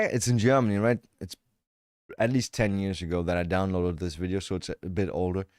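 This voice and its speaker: A man's voice: sits low, fairly even intonation, normal speed, pauses often, darkish tone, dry recording, clean studio sound. A man livestreaming, reacting to videos with joking, profane live commentary.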